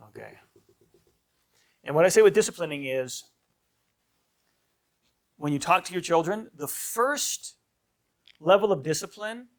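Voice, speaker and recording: A man with a fairly high voice teaches a marriage class as a priest. His delivery is loose and conversational, punctuated by "right?" and brief acted-out lines of what kids and parents say. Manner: conversational, often asks "right?"; acts out short quoted lines of kids and parents. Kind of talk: informal lecture.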